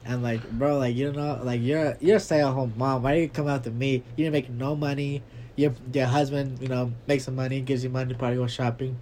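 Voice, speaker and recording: A man's voice: mid-range voice, a little fast. A young man co-hosting a casual podcast, telling stories loosely and acting out the other people in them. His voice sits in the middle range and jumps up when he gets worked up. There is faint background noise behind him. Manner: animated storyteller, acts out quotes loudly. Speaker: podcast co-host. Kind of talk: casual chat.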